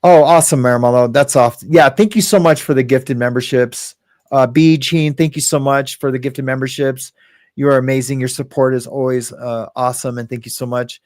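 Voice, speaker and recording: A man hosting a casual livestream, reading viewer comments aloud and rambling with frequent chuckles and halting restarts. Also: mid-range voice, steady tone, darkish tone, no echo, clean studio sound. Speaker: livestream host.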